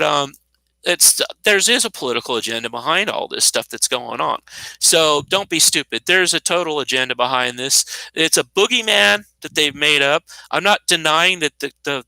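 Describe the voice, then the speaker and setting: A man's voice: on the high side, lively intonation, normal speed, vocal fry, pushed and bright, no room sound, poor audio. A man in his fifties giving an unscripted, indignant monologue, sarcastic and rambling, with frequent restarts. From United States. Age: 50s. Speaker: commentator.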